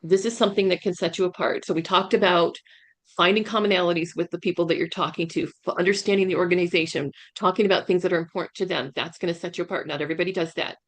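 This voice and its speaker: A woman with a lowish, steady voice speaks at a quick pace as a guest career coach presenting a webinar over a video call. She is emphatic and keeps checking in with "right?"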